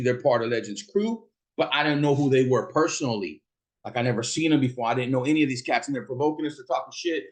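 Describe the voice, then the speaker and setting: A middle-aged man from Fresno, California, telling a personal story in a casual, profane monologue, acting out the voices of the people he quotes. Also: mid-range voice.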